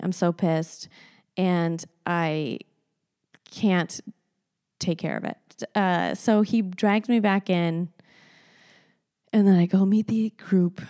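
A woman hosting a podcast alone, telling a story in casual chat, animated and blunt, laughing often and swearing freely. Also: medium pitch. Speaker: podcast host.

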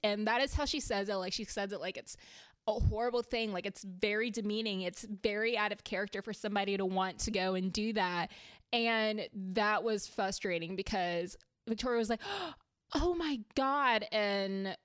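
A chatty woman recaps reality TV in a casual, heated manner, swearing when something annoys her. Her mid-range voice is smooth and clear, with a steady tone and normal speed. The sound is dry and close, with no room or echo.

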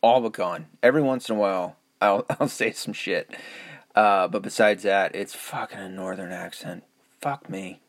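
A man's voice: low voice, normal speed, no echo. A middle-aged man hosting a podcast, rambling through a casual solo monologue with lots of swearing, chuckles and self-mocking asides. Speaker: podcast host.

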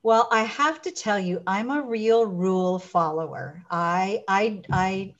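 A woman's voice: medium pitch, takes it slowly. Woman guest telling stories, acts out the quotes, kinda muffled lo-fi sound. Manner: animated storyteller, acts out quotes. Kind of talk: casual interview chat.

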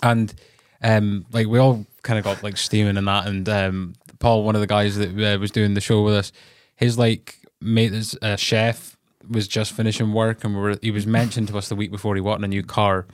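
A man with a lowish voice tells an anecdote in a loose, rambling way, full of "like" and restarts. The sound is dry and close to the mic. It is casual podcast chat. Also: level tone, moderate pace, hardly any pauses, dry recording. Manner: rambling, heavy use of "like". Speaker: podcast co-host.

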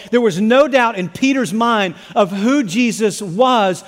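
A man's voice: high voice, lively intonation, moderate pace, in a large hall. A male pastor preaching a sermon emphatically, repeating phrases and restarting words as he builds each point.

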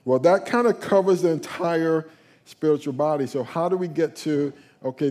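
A man's voice: fairly high pitch, warm tone. A male pastor preaching a sermon, calling for responses from the congregation and often restarting his phrases. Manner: call-and-response, stumbling restarts.

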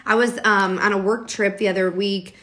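A woman's voice: mid-range voice, steady tone, normal speed, a crowd in the background. A woman with a mid-range voice talks frankly on a podcast. She swears freely and jokes as she tells stories. The chat is loose and casual. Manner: frank, profane, joking. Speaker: podcast co-host.

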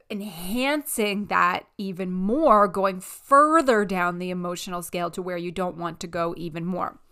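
A woman's voice: mid-range voice, fairly bright tone, clear, resonant tone. A woman hosting her own life-coaching podcast, talking straight to listeners with eager, repetitive motivational phrasing, recording at home. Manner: enthusiastic, repetitive phrasing, speaks directly to listeners. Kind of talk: upbeat motivational podcast talk.

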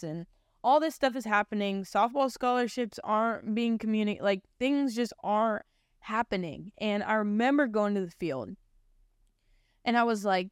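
A woman's voice: mid-range voice, moderate pace, smooth, dry recording, clean studio sound. A young adult woman sharing her personal Christian testimony in a casual, heartfelt way, often saying "like". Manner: casual, heartfelt, heavy use of "like".

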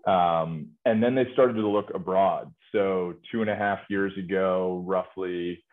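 A man, a company executive being interviewed, answering in a relaxed way and leaning often on filler phrases. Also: deep voice, measured pace. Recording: tinny phone-like line.

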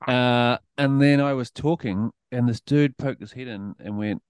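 A middle-aged man with a New Zealand accent, a podcast guest telling casual stories, swearing freely and animated. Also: mid-range voice, unhurried, smooth, no echo. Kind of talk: casual storytelling.

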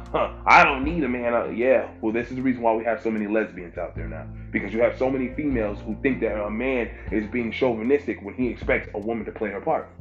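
A man's voice: mid-range voice, darkish tone. Emphatic preaching man, muffled recording. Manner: emphatic, repeats phrases for stress. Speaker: pastor. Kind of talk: informal preaching. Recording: dull lo-fi with faint music.

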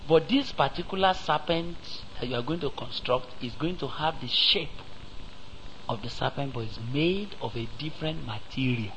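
Against a noisy background, a man with a Nigerian English accent preaches at medium pitch with lively intonation. He moves slowly and emphatically, quizzing the congregation rhetorically and suddenly getting loud.

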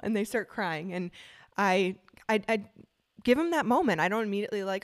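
A woman's voice: medium pitch, normal speed. Chatty woman dog trainer, frank talk. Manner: chatty, frank, with many fillers. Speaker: podcast co-host and dog trainer. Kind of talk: casual podcast chat.

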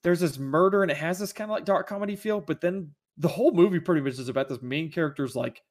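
A man's voice: fairly high pitch, fast talker. A man chatting casually about movies as a podcast co-host, rambling and enthusiastic, with many restarts.

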